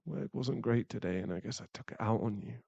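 A man's voice: mid-range voice, brisk, creaky, darkish tone, breathy edge, no echo, dull audio. A man voicing a young boyfriend who is hot-tempered but remorseful, in a whispered role-play, swearing and then murmuring apologies. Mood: tender.

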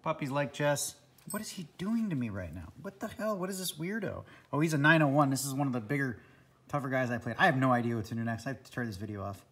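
A man's voice: medium pitch, a bit bright. Chatty man muttering through a casual vlog. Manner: chatty, laughs often, mutters to himself. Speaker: vlogger. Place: home indoors.

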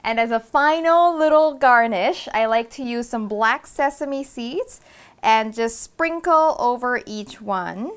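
A woman's voice: fairly high pitch, animated, takes it slowly, clear, resonant tone. A woman hosting a cooking show, walking through a recipe step by step in a casual, upbeat, chatty way.

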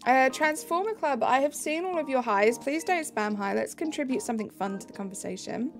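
A woman's voice: high voice, expressive, fairly quick, soft background music. Bubbly young woman chatting with her stream. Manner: bubbly, answering chat messages aloud. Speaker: live streamer. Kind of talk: casual live-stream chat.

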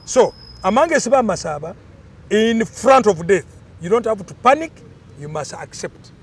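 Older guy, high voice swinging all over, emphatic storyteller. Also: big pitch swings, moderate pace, breathy edge. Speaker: interviewee. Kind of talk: explaining cultural tradition.

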